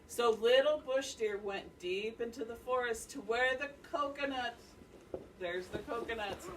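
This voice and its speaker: A woman teacher reads a picture book to her class, bringing expression into the story and stopping to quiz children by name. Her voice sits a little high and is caught from a camera across the classroom. A faint hum of room noise sits underneath. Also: unhurried. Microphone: distant camera mic. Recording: distant mic, faint classroom ambience.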